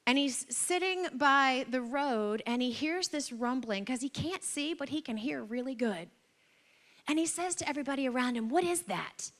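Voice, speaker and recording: A woman pastor preaching a sermon in a church, telling stories in an animated way with humorous, exaggerated asides. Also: high voice, normal speed. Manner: animated storytelling with acted-out quotes.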